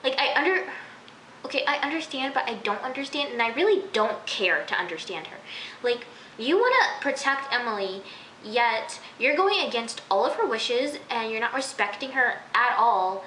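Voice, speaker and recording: A woman's voice: on the high side, lively intonation, moderate pace, pushed and bright, a little hiss or hum. A woman giving a casual, exasperated vlog review of a TV episode, chatty and full of fillers. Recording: roomy echo.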